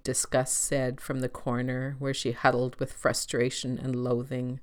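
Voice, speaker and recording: Low-pitched woman narrator, calm, steady storybook reading. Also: measured pace, hardly any pauses, smooth.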